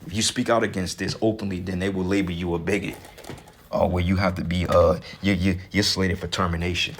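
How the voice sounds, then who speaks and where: A man's voice: low-pitched, level tone, brisk, slight background noise. A man with a congested voice giving casual, heated religious talk, profane and ranting, with scripture readings between. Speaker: religious commentator.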